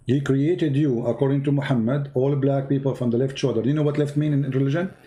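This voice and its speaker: A man's voice: mid-range voice, fairly even intonation, fast, dark tone. A man hosting a live call-in debate show, talking insistently and repeating his points for emphasis.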